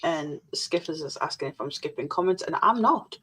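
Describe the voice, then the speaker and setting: A woman's voice: sits low, lively intonation, normal speed, a bit bright, breathy edge. A woman co-hosting a casual livestream, reading viewers' comments aloud in a blunt, sweary way.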